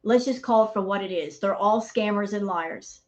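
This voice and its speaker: A woman's voice: mid-range voice, normal speed, a little mellow, dull audio. A woman hosting a reaction channel, ranting in heated commentary and calling her viewers y'all.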